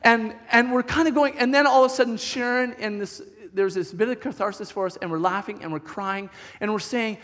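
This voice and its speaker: Middle-aged pastor guy, high voice, chatty animated storytelling, big echoey church hall. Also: brisk, few pauses. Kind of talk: storytelling sermon. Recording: long hall reverb.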